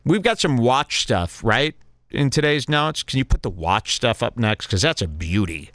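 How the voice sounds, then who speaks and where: A man's voice: mid-range voice, animated, normal speed, a bit bright, no echo. A man hosting a comedy podcast, reacting to clips aloud with sarcastic, mock-enthusiastic commentary. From Texas. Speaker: podcast host.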